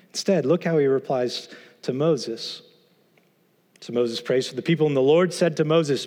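A man's voice: mid-range voice, a little mellow. A man teaching through a Bible passage, earnest and emphatic, posing rhetorical questions to his listeners. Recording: long hall reverb.

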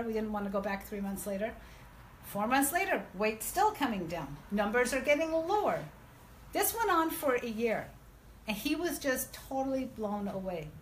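A woman guest on a podcast, telling her story casually and acting out dialogue in a lively way. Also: high-pitched, a little hiss or hum, rough recording. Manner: lively, acts out quoted dialogue.

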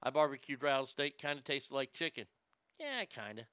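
A man's voice: medium pitch, very animated, normal speed, a bit bright, clean tone, no echo. A man hosting a show, ranting comedically and sarcastically, often stammering and repeating words. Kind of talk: comedic rant.

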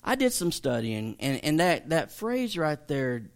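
A man's voice: medium pitch, sing-song, unhurried, hardly any pauses. Chatty man teaching Scripture. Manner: chatty, emphatic, joking with listeners. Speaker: pastor teaching a Bible study. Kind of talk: casual evening Bible teaching.

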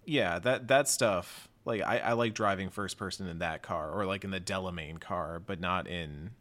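A man in casual chat about a video game, relaxed and laughing easily. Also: low voice, normal speed.

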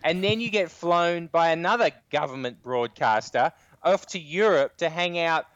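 A man's voice: fairly high pitch, normal speed, fairly bright tone, dry recording. An Australian man calls in to a comedy podcast and tells his story in a dry, wry way. The sound is dull and lo-fi, like a phone line. It is very dry, with no room around it. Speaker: regular contributor calling in from the U.S. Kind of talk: casual comedic phone chat.

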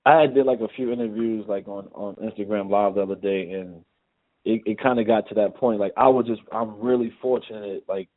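A man's voice: lowish voice, fairly quick. A middle-aged man with a New York accent, a guest telling stories in a casual interview and acting out the dialogue. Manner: animated, acts out dialogue in anecdotes. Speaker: guest, former basketball player. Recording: tinny phone-like line.

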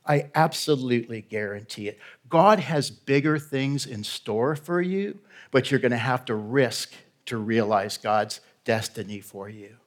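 A man preaches a sermon as a guest pastor at a middle pitch. He talks to the congregation in a direct, conversational way and keeps checking that they are with him. His tone is emphatic and urging. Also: measured pace.

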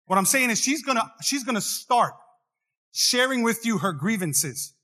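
A man's voice: very high-pitched, animated, moderate pace, sharp tone. A man preaching a sermon, joking with the crowd and swinging into singsong rises. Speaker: pastor. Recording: long hall reverb.

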